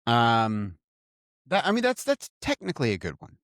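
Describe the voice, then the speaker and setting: Male co-host, playful and teasing, animated pitch, dry close mic. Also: moderate pace, no echo. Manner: playful, teasing, swears casually. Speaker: podcast co-host. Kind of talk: casual chat.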